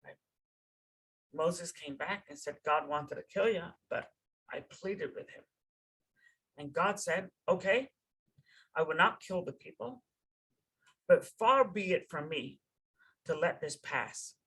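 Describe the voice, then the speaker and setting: Husky guy giving a casual torah class, informal, lots of restarts, slangy now and then. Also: a little high, lively intonation, slow, pauses often, bright, forceful tone, low-quality recording. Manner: conversational, keeps asking "right?", repeats and restarts words. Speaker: rabbi teaching a Torah class.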